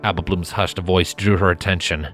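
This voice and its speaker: Deep-voiced man narrating a story. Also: fairly even intonation, moderate pace, fairly bright tone, faint music behind. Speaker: fanfiction reader.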